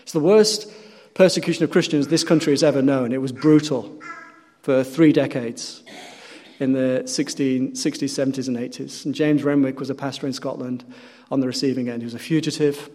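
Preacher guy telling stories in a sermon, goes loud then drops real quiet, voice rings around a big hall. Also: mid-range voice, fairly even intonation, fairly quick. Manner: earnest storytelling, rising to loud emphatic peaks and dropping to quiet. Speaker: pastor. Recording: long hall reverb.

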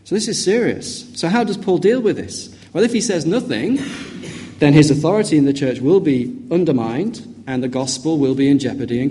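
A male preacher delivering a sermon, his voice mellow and soft-edged, pitched a little high. He reads passages with lively, emphatic rises. Each point comes in an animated rhythm. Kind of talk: expository sermon.

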